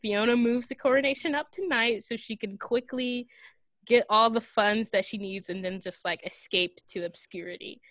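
Giggly rambling woman, fairly high voice. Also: moderate pace, a bit bright, no room sound. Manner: rambling, giggly retelling with many fillers and acted quotes. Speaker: podcast co-host recapping a film. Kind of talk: casual chat.

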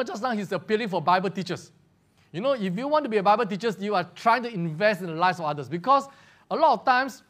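A man's voice: high-pitched, fairly bright tone. A man preaching a sermon, often restarting words and asking rhetorical questions. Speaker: pastor.

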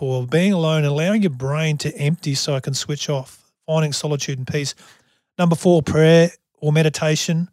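A man's voice: a little high, a little mellow, dry recording. Earnest man with a dry close sound. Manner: earnest, repeats words as he restarts. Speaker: podcast host. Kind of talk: motivational podcast talk.

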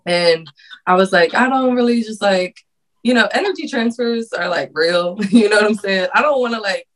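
A woman's voice: mid-range voice, normal speed, rough recording. A woman guest on a podcast who creates content, talking in a casual, earnest and heartfelt way, laughing often.

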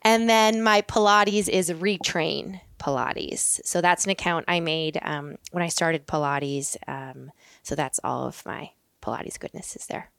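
A woman guesting on a podcast in casual chat, upbeat and quick with asides and easy laughs. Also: low-pitched, gravelly, a bit bright, no room sound, clean studio sound. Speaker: podcast guest, Pilates instructor.

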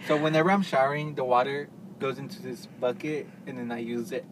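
A young man co-hosting a podcast, chatting casually and telling animated stories with acted-out quotes. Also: medium pitch, brisk. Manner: animated storytelling, playful, acts out quotes. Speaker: podcast co-host. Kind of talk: casual chat. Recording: noisy, corrupted mic audio.

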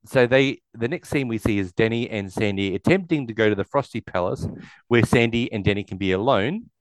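A man with a fairly low voice chats casually through a movie recap, slipping into quick acted quotes of the characters. He is recorded close on a dry mic with no room sound. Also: no echo. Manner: retells scenes, acting out quotes in a raised voice. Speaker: podcast co-host. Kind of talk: casual film recap chat.

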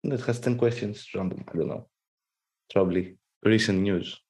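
A man with a Greek accent, co-hosting a podcast, reading news aloud in a halting way and stopping to joke. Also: lowish voice, a little mellow, husky. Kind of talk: casual chat.

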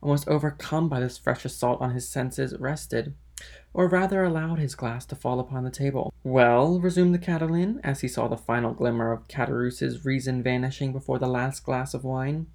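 Male reader, classic novel audiobook, steady and plain. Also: mid-range voice, normal speed, vocal fry. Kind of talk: audiobook narration.

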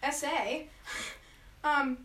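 High bright woman, roomy echo. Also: extremely slow. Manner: storytelling, giggly, lots of "like". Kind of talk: casual chat between friends.

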